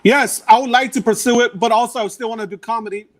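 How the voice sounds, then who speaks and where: A man with a high, bright voice tells stories on a podcast. His talk is casual and full of slang and swearing, and he often restarts his sentences. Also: fast. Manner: profane, slangy, repeats words when excited. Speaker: comedian and actor.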